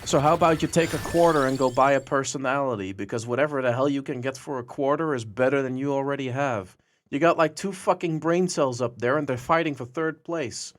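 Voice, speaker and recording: A man's voice: mid-range voice, brisk, slight background noise. A young man streaming live, chatting to his viewers and taunting a troll with profane mockery.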